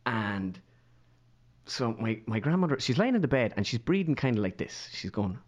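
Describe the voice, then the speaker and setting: A young Irish man, a podcast guest, telling a funny story in a loose, animated way and putting on voices of the people in it. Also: mid-range voice, normal speed, muffled recording. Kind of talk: casual storytelling chat.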